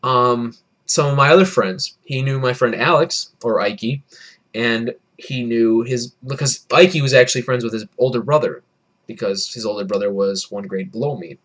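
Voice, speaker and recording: A man's voice: medium pitch, moderate pace, a bit bright. A young man in his early twenties, tipsy from beer, telling a rambling, profane, self-deprecating story in a casual vlog. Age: early 20s. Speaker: vlogger.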